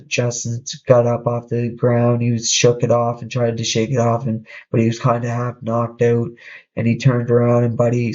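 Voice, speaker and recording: A man hosting a podcast, casually telling a story in a halting way, with frequent restarts. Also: medium pitch, a little mellow, lo-fi sound. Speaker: podcast host.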